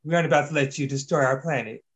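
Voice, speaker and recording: A man's voice: a little high, racing, fairly bright tone, natural voice. A man reading the lines of a defiant young fairy heroine in a homemade fantasy story, in an unchanged everyday voice.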